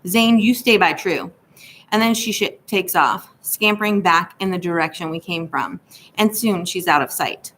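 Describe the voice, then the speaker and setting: A woman narrates a novel in a steady, even storytelling manner. Her voice sits on the lower side for a woman, with a faint hiss behind it. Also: moderate pace. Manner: steady storytelling in a first-person boy's voice. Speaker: audiobook narrator. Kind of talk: scripted narration.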